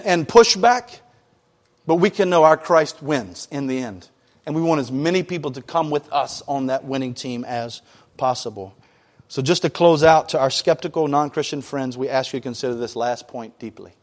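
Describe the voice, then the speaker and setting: A man preaching a sermon as pastor, mixing scripture reading with loose, conversational asides and casual slang. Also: on the high side.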